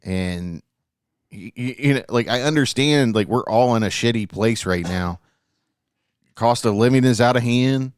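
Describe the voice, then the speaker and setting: A man's voice: medium pitch, measured pace, smooth, no room sound, studio quality. A man co-hosting a casual podcast, talking earnestly and rambling, with lots of swearing and trailing fillers. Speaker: podcast co-host. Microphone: studio mic.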